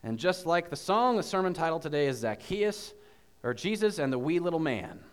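A man preaching a sermon as pastor, telling a story with animated questions to the congregation. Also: a little high, fairly quick, smooth, in a large hall. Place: church.

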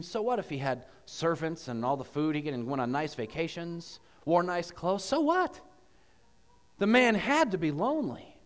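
A man preaching a sermon as pastor, telling a story with animated questions to the congregation. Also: sits high, long reverb tail. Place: church.

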